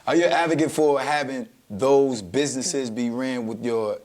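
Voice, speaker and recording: A man's voice: medium pitch, moderate pace. Slangy, easygoing male podcast host. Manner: relaxed, slangy, playful banter. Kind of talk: casual interview chat.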